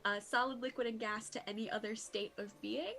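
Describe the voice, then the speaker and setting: A woman's voice: on the high side, fairly even intonation, fairly quick, creaky, fairly bright tone, soft background music. A woman playing a character in a tabletop game, eager and asking questions. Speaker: player. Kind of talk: casual tabletop game play.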